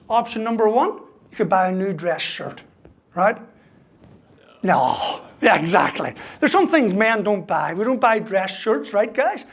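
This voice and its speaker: An Irish motivational speaker in his fifties delivers a humorous keynote in a high-pitched voice. He tells stories, lands punchy jokes, and keeps tacking "right?" onto his lines.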